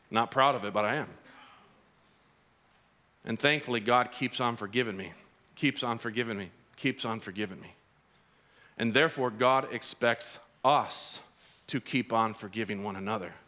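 A man preaching a sermon as pastor, telling a parable in an animated, storytelling way in a church. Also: medium pitch. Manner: animated storytelling, acts out characters.

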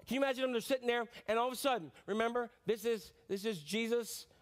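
A middle-aged male pastor preaching a sermon in a lively, conversational, joking way. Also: extremely high pitch, quick pace.

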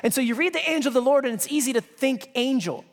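A man's voice: very high-pitched, lively intonation, fast talker. A male pastor preaching a sermon in a conversational way, reading scripture with emphasis and dropping joking asides. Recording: long reverb of a large hall.

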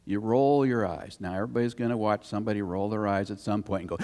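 A man's voice: on the low side, a little fast, few pauses, darkish tone. A man, the pastor, preaching a conversational sermon that tells stories and rises into emphatic scripture reading. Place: church sanctuary. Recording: long reverb of a church hall.

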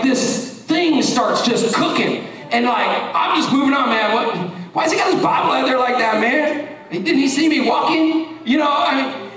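High-voiced preacher in an echoey church. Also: male voice, recorded from a distance. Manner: animated preaching with humor. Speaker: pastor. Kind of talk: sermon. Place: church sanctuary. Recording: echoey church recorded from afar.

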